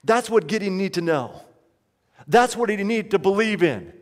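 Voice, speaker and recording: Male preacher, emphatic sermon, call-and-response, high voice, long hall reverb. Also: lively intonation, moderate pace. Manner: emphatic, repeats key lines, leads call-and-response. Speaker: pastor.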